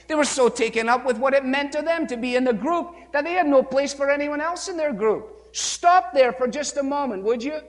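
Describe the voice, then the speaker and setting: A man preaching a sermon, emphatic, with rhetorical questions and acted-out quotes, recorded in a church with a long reverb. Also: extremely high pitch.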